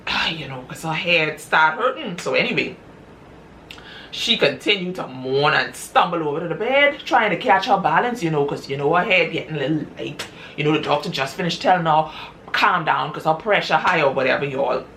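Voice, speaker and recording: A woman casually retelling a story she wrote, chatty and drawn-out, often calling her listeners y'all. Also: low-pitched, lively intonation, a bit bright, a little hiss or hum. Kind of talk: casual spoken story recap.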